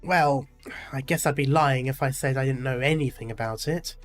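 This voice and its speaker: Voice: medium pitch, moderate pace, faint music behind, lightly acted. A streamer reading out a cautious man in a game's story, hedging and reluctant in an everyday voice.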